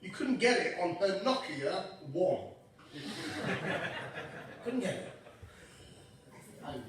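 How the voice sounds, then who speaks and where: A man's voice: high-pitched, sing-song, extremely slow, background noise. A young man doing a stand-up comedy set, cheeky and sweary while he works the crowd. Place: comedy club stage with audience. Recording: echoey club from a distance.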